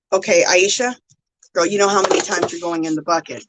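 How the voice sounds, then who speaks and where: A woman's voice: on the low side, steady tone, a little fast, slight background noise, low-quality recording. A woman hosting a casual craft livestream, chatting with viewers and gushing with thanks. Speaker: livestream host.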